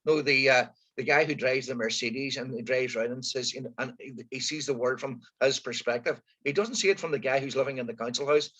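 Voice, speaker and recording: A man co-hosting a casual political chat, hesitant and halting with many restarts. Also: medium pitch, sharp tone. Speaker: co-host of a current affairs podcast. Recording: muffled lo-fi audio.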